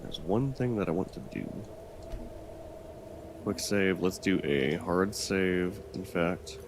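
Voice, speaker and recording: A man with a very low voice talks through his game in a loose, rambling way, thinking aloud and swearing now and then. The recording has a clear layer of background noise under his voice. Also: expressive, slow pace. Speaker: gaming channel host. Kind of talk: casual let's-play commentary.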